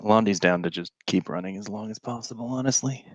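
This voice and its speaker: A man speaking casually as a guest player in a tabletop game, relaxed and rambling. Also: on the low side, brisk, no room sound, lo-fi sound.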